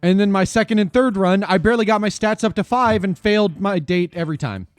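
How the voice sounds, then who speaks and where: Guy streaming with friends, reads the game stuff out loud, kinda high and bouncy, faint music behind. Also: fast talker, dry recording. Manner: lively, joking. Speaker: streamer reading game text aloud. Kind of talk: casual stream chat and reading game text aloud.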